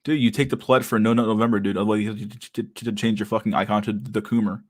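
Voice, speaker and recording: Laid-back low-voiced young man. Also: steady tone, quick pace. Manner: laid-back, crude, laughing often, mumbling to himself. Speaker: streamer reading chat. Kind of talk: casual livestream chat.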